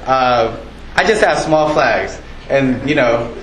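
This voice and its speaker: A man's voice: mid-range voice, slow pace, a little hiss or hum. Casual preaching man, echoey church. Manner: conversational, joking with the congregation. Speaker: pastor. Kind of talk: casual sermon. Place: church sanctuary. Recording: echoey church room, faint ambience.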